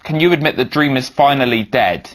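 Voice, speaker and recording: A man's voice: medium pitch, fairly quick, a bit bright, natural voice. A man voicing a probing male sports press interviewer who asks matter-of-fact questions.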